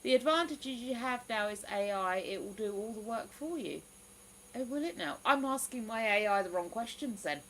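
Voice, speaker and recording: A woman's voice: a little high, expressive, normal speed, a bit bright, slight background noise, rough recording. A woman hosting a livestream, chatting casually and reading out viewer comments with frequent exclamations. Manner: chatty, exclamatory, lots of "ooh". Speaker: livestream host.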